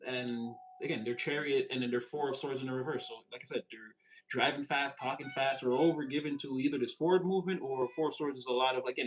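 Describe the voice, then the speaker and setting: A man talks through a tarot reading in a loose, rambling way. He keeps restarting his sentences and gets visibly excited as he goes. His pitch sits in the middle range, and faint music plays in the background. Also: rough recording. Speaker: tarot reader.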